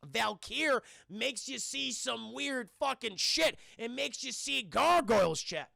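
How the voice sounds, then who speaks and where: A man casually recapping a film for his stream chat, animated and swearing freely as he addresses the chat. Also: very high voice, takes it slowly, creaky, dry recording, clean studio sound.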